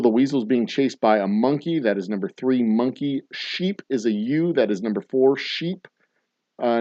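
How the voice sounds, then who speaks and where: A man runs a casual bar trivia game, reading answers and drifting into jokey stories. His voice sits at a middling pitch. The sound is dry and dull, a bit lo-fi. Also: warm tone, dry recording. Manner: jokey, rambling dad-joke storyteller. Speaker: trivia host. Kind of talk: casual live-stream trivia hosting.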